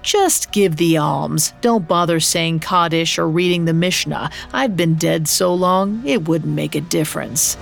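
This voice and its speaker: A woman's voice: low voice, a little slow, gravelly, few pauses, faint music behind. A woman voicing a scornful, weary dybbuk spirit. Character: bitter dead girl's spirit, a dybbuk.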